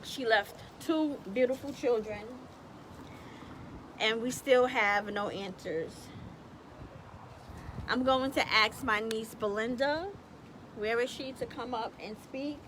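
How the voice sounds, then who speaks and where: A woman speaking at an outdoor protest rally, addressing the crowd in a subdued, steady way about her family's loss. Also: on the high side, slow pace, long pauses. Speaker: protest organizer, aunt of the deceased. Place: outdoors on a city street. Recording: noisy outdoor street recording.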